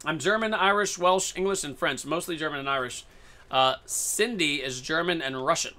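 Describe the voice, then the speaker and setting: A man's voice: fairly high pitch, normal speed, pushed and bright. A man streaming a video game live, chatting casually and playfully with a running, jokey commentary.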